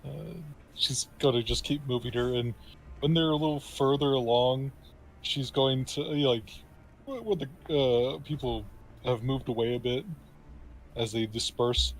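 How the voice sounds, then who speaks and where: Halting man at a game table. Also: mid-range voice, slight background noise, rough recording. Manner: halting, lots of fillers and restarts. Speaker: player. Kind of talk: casual tabletop game chat.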